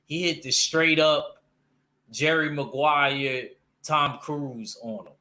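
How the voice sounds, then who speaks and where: Man, slightly high pitch, sharp bright tone, animated casual talker who stumbles and restarts. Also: slow. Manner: animated, loose slang, frequent restarts. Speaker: panel guest discussing comics. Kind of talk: casual chat.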